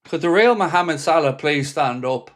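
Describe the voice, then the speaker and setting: A man's voice: a little high, animated, moderate pace. A man hosting a live football watchalong for fans, commentating on the match with frustration, swearing freely and reading out viewers' chat messages. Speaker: fan channel host.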